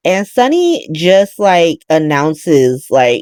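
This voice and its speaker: A woman hosting a podcast, chatting casually as she recaps a soap opera in an animated, profane way, laughing as she goes. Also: low-pitched, moderate pace, dry recording, studio quality. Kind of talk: casual chat.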